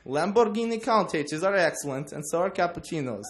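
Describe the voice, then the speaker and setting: A man's voice: high-pitched, lively intonation, brisk, a little hiss or hum, voice pushed up. A young man voicing a boastful young male translator in a Russian accent, with mangled grandiose English. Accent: Russian, put on. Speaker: student presenter reading aloud.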